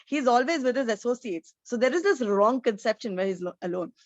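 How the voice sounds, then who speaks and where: A woman's voice: fairly high pitch, expressive, fairly quick, no room sound, highs cut off. A woman giving an online scripture lecture, explaining each point earnestly, like a teacher.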